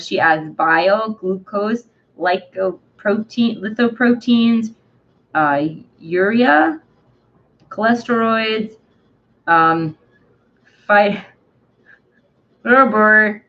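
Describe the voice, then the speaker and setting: Female book club host, slow halting reader full of fillers; dull lo-fi stream audio. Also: mid-range voice. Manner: reads haltingly, stumbling over long words with many fillers. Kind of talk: live reading and discussion.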